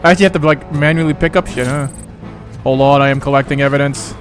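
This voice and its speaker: A man's voice: on the high side, fairly even intonation, fast. A young man giving casual, joking let's-play commentary, swearing and laughing as he plays. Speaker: gamer. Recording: game music behind.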